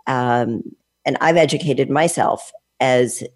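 A woman in her late fifties, a fitness trainer, hosts a conversational interview in an extremely low voice at a slow pace. Her sentences are long, thoughtful and winding, with restarts.

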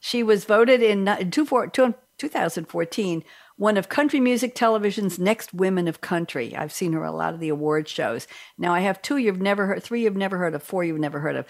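A woman's voice: medium pitch, expressive, fairly quick. A middle-aged woman hosting a radio talk show, chatting casually and rambling from one aside to the next.

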